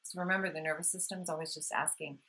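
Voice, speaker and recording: A woman vlogger gently explaining calming practices in a soothing, unhurried talk, with audible sighs when she demonstrates breathing. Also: sits low, low-quality recording. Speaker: wellness vlogger. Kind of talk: casual instructional talk.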